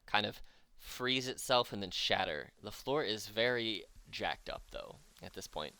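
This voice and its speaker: A man's voice: fairly low pitch, expressive, unhurried, pushed and bright, slight background noise. A man running a tabletop game as game master, narrating casually with fillers and laughs.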